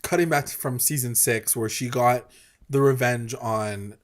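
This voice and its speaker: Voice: medium pitch, a little slow. Enthusiastic co-host recapping a TV episode. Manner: casual and enthusiastic, heavy filler "like", mild swearing. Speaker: podcast co-host. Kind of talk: casual TV recap chat.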